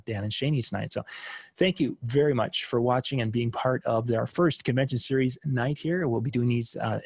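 A middle-aged man with a mid-range, slightly mellow voice hosts a live streaming seminar from his home desk, heard in a dry, clean studio-quality recording. He's chatty and rambling, restarting many times as he answers viewer questions.

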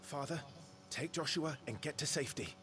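An actor playing an earnest young knight and dutiful elder son who speaks solemnly and sometimes in a hush. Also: male voice, on the high side, normal speed, background noise, lightly acted. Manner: solemn, dutiful, hushed at times. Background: game music.

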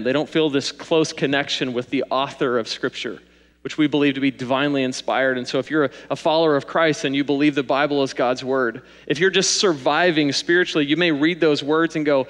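A young man preaching a sermon as pastor, in a conversational manner with animated asides. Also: on the high side. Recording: long hall reverb.

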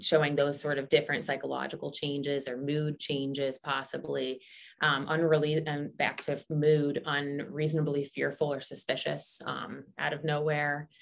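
Low, creaky-voiced woman presenter. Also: flat delivery, normal speed. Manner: explanatory, frequent ums and restarts. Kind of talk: educational webinar talk.

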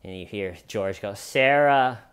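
A man's voice: medium pitch, measured pace, clean tone. A man recapping a true crime case in a chatty, casual way, often restarting and adding asides.

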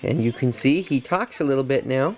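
A man, a father, introducing his baby on a home video and cooing to him in gentle baby talk. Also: mid-range voice, expressive, fairly quick.

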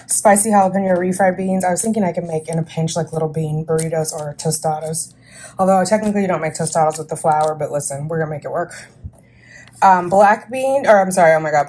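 A woman's voice: lowish voice, a little mellow, slightly rough. A woman in her thirties chatting casually in a vlog, talking herself through her breakfast and her groceries. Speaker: vlogger.

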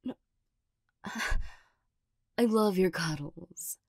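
A woman voicing an awkward young girlfriend, gruff but loving, in a whispered role-play, hesitant and stammering with nervous little laughs. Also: lowish voice, lively intonation, very slow, darkish tone, no echo, studio quality, heavily acted. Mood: flustered. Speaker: ASMR role-play performer.

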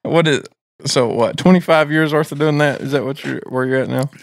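A man's voice: a little high, fairly quick, gravelly, no echo, studio quality. A man co-hosting a podcast, chatting in a laid-back way and laughing easily. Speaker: podcast co-host. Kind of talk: casual chat.

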